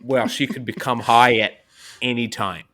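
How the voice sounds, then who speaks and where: A man's voice: medium pitch, steady tone, moderate pace, a bit bright. A man telling crude, joking stories in a casual podcast chat among friends. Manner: crude, joking, laughs at his own stories. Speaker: podcast co-host.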